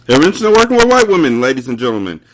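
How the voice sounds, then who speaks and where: A young man co-hosting a podcast, telling a work story in casual chat with animated delivery and mock-formal phrasing. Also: mid-range voice, rapid-fire, a little hiss or hum. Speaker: podcast co-host.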